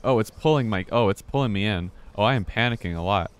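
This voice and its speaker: A man's voice: on the low side, fast talker, clear, resonant tone. A man streaming a game live, commenting casually, muttering to himself and swearing when startled.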